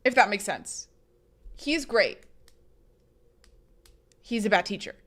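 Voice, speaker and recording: Young female streamer, casual rambling chat, mid pitch. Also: very animated, slow pace, fairly bright tone. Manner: chatty, reads chat aloud, rambling restarts.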